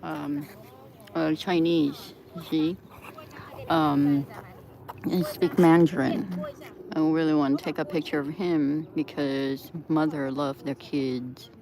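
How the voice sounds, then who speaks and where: A woman's voice: low voice, little pitch movement, slow, creaky, dark tone. A woman live-streaming from an outdoor seaside plaza, chatting in a rambling way, laughing often and breaking into sudden outbursts.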